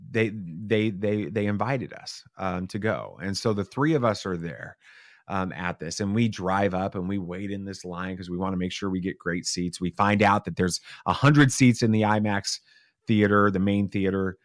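A man, a father and podcast guest, telling a story in a casual, animated way and acting out the quotes. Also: sits low, normal speed, no echo, clean studio sound. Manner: animated, acts out quotes with shifting voices.

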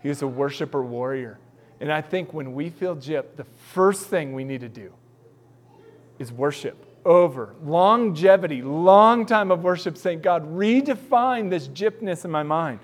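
A man preaching a sermon in a casual, animated storytelling way, acting out bits of dialogue. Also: a little high, unhurried. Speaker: pastor.

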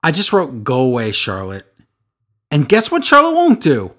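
Male podcast co-host, sarcastic and ranting, very animated pitch. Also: normal speed. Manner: sarcastic, rants and mimics wrestlers. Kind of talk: casual podcast chat.

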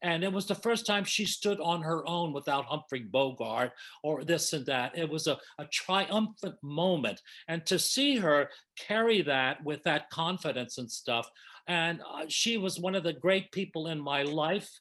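Older man, bright emotional storytelling voice. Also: fairly high pitch, lively intonation, unhurried. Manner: warm, emotional, effusive reminiscing. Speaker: panel guest reminiscing. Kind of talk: casual storytelling.

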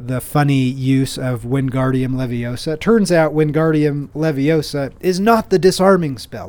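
A man with a mid-range, slightly mellow voice hosts his own podcast, telling stories solo in a casual way. He rambles, restarts often, and pokes fun at himself playfully.

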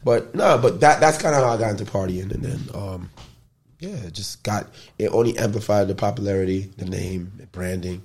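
A man's voice: on the low side, fairly quick. A man from the Bronx, telling loose, slangy stories as an interview guest. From the Bronx, New York. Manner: loose, animated storytelling with slang and profanity. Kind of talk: casual storytelling interview.

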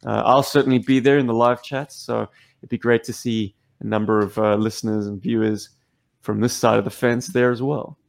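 A man hosting a podcast, talking casually and then making measured announcements. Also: mid-range voice, flat delivery, creaky. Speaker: podcast host.

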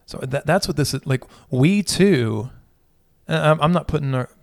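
A man's voice: a little high, expressive, moderate pace, vocal fry, no room sound, studio quality. A man who is a pastor, in a casual conversation about faith, thinking aloud and often correcting himself.

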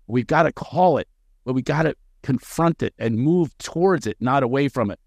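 Animated comedian man telling stories. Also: mid-range voice, dry recording, clean studio sound. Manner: energetic, jumps into quick character voices. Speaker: comedian guest. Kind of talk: animated podcast storytelling.

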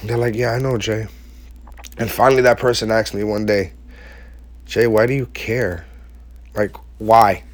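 A man's voice: lowish voice, steady tone, unhurried, long pauses, no room sound. Earnest man, casual slang, dry sound. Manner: earnest, casual slang, rising to emphatic repetition. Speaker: vlogger speaking to his audience. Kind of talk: heartfelt motivational monologue.

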